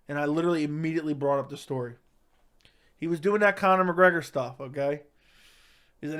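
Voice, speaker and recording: A man telling a comic story in a deadpan tough-guy way, with lots of "right?" and "like". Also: on the high side, quick pace. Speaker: comedic storyteller. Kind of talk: casual storytelling monologue.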